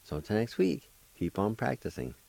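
A man hosting a radio language lesson, spelling out words and repeating each syllable deliberately. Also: on the low side, huge pitch swings, vocal fry, warm tone, dry recording. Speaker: language teacher and radio host.

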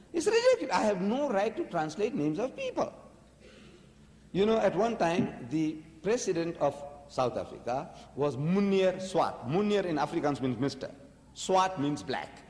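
A man delivers a religious lecture in a fairly high voice, pressing his points with pointed rhetorical questions. His words ring out with the long reverb of a large hall. He speaks to a live audience. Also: darkish tone.

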